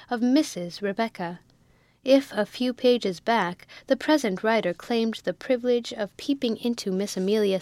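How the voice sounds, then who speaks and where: A woman narrating a classic novel in a measured, even storytelling manner, close to the mic. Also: medium pitch, no echo. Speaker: audiobook narrator.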